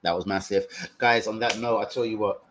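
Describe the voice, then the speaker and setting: A young man hosting a casual live stream, full of slang, swearing and excited banter. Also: on the low side, a little fast, a little hiss or hum. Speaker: livestream host.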